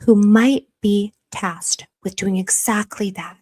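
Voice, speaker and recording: A chatty woman hosts a casual livestream from a warm room at home. She talks straight to her viewers and reads their comments aloud as she goes. When they thank her she turns gushing and emotional, her voice at a middling pitch for a woman. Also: slow pace. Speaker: livestream host.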